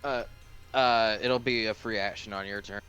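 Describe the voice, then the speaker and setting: A man's voice: on the low side, steady tone, moderate pace, bright, forceful tone, smooth, lo-fi sound, soft background music. A young man running a tabletop game as dungeon master, talking casually through the turn order with his players.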